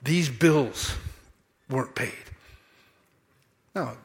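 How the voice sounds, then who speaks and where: A man preaching a sermon in church, animated and playful, acting out quotes and making asides to the congregation. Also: mid-range voice, extremely slow. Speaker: pastor. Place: church sanctuary.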